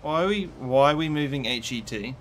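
A man's voice: medium pitch, lively intonation, brisk, a little hiss or hum. A man hosting a gaming channel, giving sarcastic, exasperated gameplay commentary and swearing at the game. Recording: game music loud behind voice. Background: game music.

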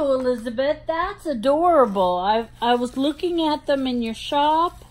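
A woman's voice: a little high, a little mellow. A woman with a New Jersey accent doing a casual show-and-tell unboxing on her hobby vlog, gushing with delight over cute little things. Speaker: hobby vlogger.

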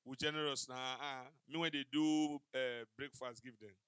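A man performs stand-up for a live crowd, his smooth, medium-pitched voice moving at a normal speed. Mixing in pidgin, he tells his stories with animation and plays out each bit of dialogue, heard in a dry recording.

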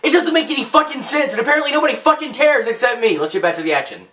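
High, animated, foul-mouthed young gamer man. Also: rapid-fire, distant mic. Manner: loud, crude, ranting, jumps between yelling and muttering. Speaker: gameplay commentator. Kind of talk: profane let's-play commentary.

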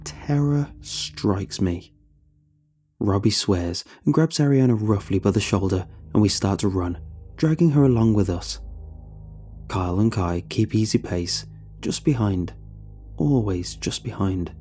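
A man narrating a scripted horror story in a steady, suspenseful manner. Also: lowish voice, measured pace. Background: faint background music.

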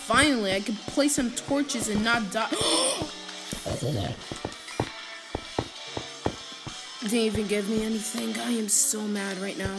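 A woman narrates her own gameplay in a fairly high voice, excitable and rambling as she trash-talks her enemies. Background music plays clearly underneath her voice. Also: moderate pace, few pauses. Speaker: gamer. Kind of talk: let's-play commentary.

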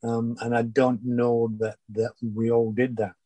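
Halting, husky older man. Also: medium pitch, flat delivery, mellow, dry recording, poor audio. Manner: halting, many restarts and repeated words. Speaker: former footballer guest. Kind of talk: reflective interview chat.

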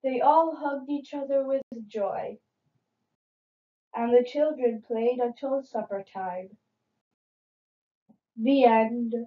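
A woman reading children's picture books aloud in an expressive, dramatic way, in a dull lo-fi recording. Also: fairly high pitch, takes it slowly, long pauses. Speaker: storybook reader.

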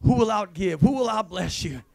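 High-voiced excitable male pastor. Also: normal speed, creaky. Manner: rambling, excitable, many restarts. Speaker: visiting pastor. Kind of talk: informal testimony at a church service. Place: church sanctuary.

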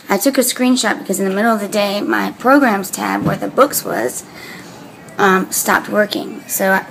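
A woman's voice: mid-range voice, creaky, fairly bright tone, slight background noise, rough recording. A young woman hair stylist rambling through a casual vlog at home. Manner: rambling, chatty, slips into whispers.

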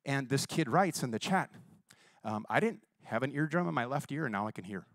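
A man's voice: medium pitch, fairly quick, dry recording. A man preaching a sermon, telling healing stories in a casual, conversational way and acting out the quotes. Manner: lively, conversational, acts out quotes. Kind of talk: sermon storytelling.

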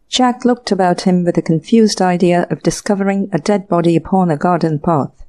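A woman reads a classic short story aloud in a measured, even storytelling pace. Her voice is mellow and warm. It has the scripted narration of an audiobook. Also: fairly low pitch.

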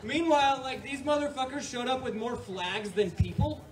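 Stand-up comic, man from New York, high voice, swearing and rambling, chuckles at his own bits, heard from afar. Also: expressive, normal speed, a loud crowd. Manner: profane, rambling, laughs at own jokes. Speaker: stand-up comedian. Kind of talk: stand-up set. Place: comedy club stage with audience. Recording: distant mic, noisy live room.

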